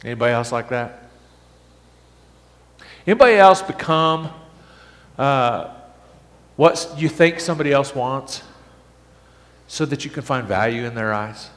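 A high-voiced man delivers a sermon to his congregation, his pitch leaping up and down as he makes his points. He keeps asking the room questions and stumbles over his restarts as he goes. His voice rings out with the long reverb of a church hall. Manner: animated, asks the congregation questions, stammers on restarts. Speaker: pastor.

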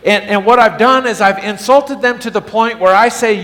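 A man's voice: sits high, normal speed. A man preaching a sermon to a congregation, throwing questions at them and restarting words as he talks. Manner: animated, asks the congregation questions, stammers on restarts. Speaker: pastor. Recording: long reverb of a hall.

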